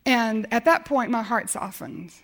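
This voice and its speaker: Middle-aged woman preaching, tells her story with acted-out bits, voice a little high. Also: measured pace. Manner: animated storytelling, acts out dialogue. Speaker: speaker telling a faith story. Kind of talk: sermon storytelling.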